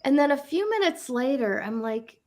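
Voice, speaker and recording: A woman's voice: sits high, sing-song, moderate pace, darkish tone. Candid middle-aged woman telling a story. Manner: candid, swears casually, many fillers and restarts. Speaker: co-host of a spiritual talk show. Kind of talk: casual personal storytelling.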